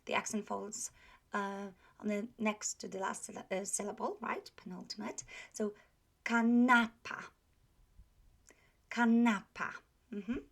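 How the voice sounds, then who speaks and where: A woman teaching a pronunciation lesson, modelling words slowly and checking with the learner often. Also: medium pitch, fairly even intonation, vocal fry, breathy edge. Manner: slow, patient, drawn-out model words; many fillers and checks for understanding. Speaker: language teacher.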